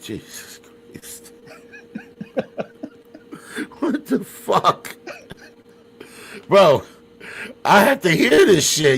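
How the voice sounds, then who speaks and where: A man's voice: high voice, expressive, takes it slowly, vocal fry, long pauses, a bit bright, breathy edge. A man hosting a podcast who keeps the chat loose and slangy, often laughing and swearing. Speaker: podcast host. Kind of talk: casual interview chat.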